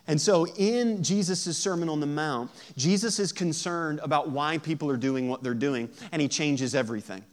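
A man preaching a sermon in a lively, joking way, acting out quoted voices. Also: fairly high pitch, normal speed, hardly any pauses. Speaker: pastor.

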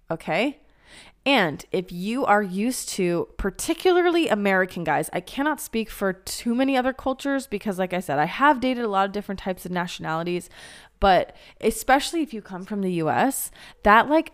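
A young woman hosting a podcast, chatting casually and frankly, with plenty of swearing and animated emphasis. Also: mid-range voice. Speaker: podcast host. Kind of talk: casual chat.

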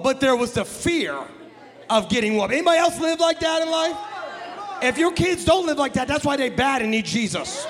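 A man from the Midwest, a guest pastor telling a comic story in a sermon, animated and jokey with bursts of shouting. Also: extremely high pitch, moderate pace, some chatter behind. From American Midwest. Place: church sanctuary. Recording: long hall reverb in a church.

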